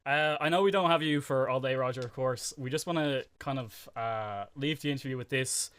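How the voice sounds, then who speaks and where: A male podcast host with a clean, smooth voice and a mid pitch. He asks loose, hesitant questions with plenty of fillers. The sound is dry and close-miked. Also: a little fast, a bit bright, no room sound. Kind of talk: casual podcast interview.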